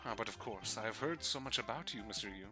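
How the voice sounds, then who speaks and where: A man's voice: on the low side, animated, fast talker, over music, lightly acted. A man voicing a haughty, formal young male prosecutor while reading a video game aloud on a live stream. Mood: polite. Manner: stiff, formal diction.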